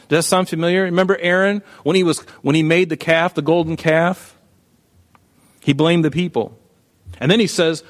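A male pastor preaching an animated sermon, acting out Bible figures as he goes. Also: on the high side, normal speed.

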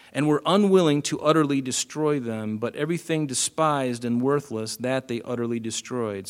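Casual: pastor guy preaching, chatty storytelling, goes loud then soft. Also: medium pitch. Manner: conversational, storytelling with asides. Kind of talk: sermon.

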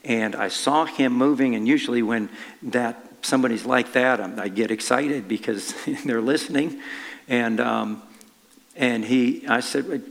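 A man preaching a conversational sermon, telling a personal story in a halting, easygoing way with frequent restarts. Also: medium pitch, creaky, in a large hall.

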